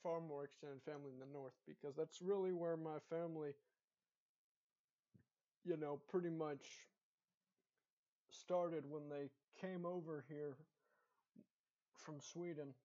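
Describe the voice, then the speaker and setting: Speaking a little slowly and pausing often, a young Texan from Dallas chats casually in an accent tag vlog, rambling with lots of fillers and restarts. His voice sits on the high side, steady and dark in tone, on a dull lo-fi recording.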